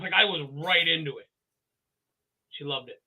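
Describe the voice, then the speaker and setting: A male podcast co-host telling stories in casual chat. He is animated, acts out quotes, and stammers through restarts. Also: a little high, moderate pace, creaky. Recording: tinny phone-like audio.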